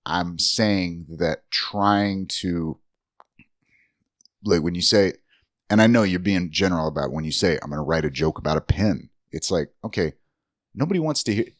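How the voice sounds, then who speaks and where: A man's voice: sits low, lively intonation, normal speed, no echo, studio quality. A man co-hosting a comedy podcast, explaining his point bluntly and with swearing. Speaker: podcast co-host. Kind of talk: casual podcast chat.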